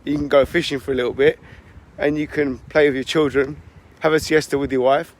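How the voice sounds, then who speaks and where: A man voicing an eager, pushy male business executive in a told story, talking in a fast, persuasive pitch. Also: fairly even intonation, lightly acted.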